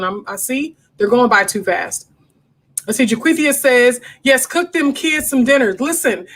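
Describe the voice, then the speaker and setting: A woman's voice: on the high side, a bit bright. A woman hosting a homeschooling live Q&A from her desk at home, talking frankly and casually and calling her viewers y'all. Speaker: homeschool livestream host. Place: home desk during livestream.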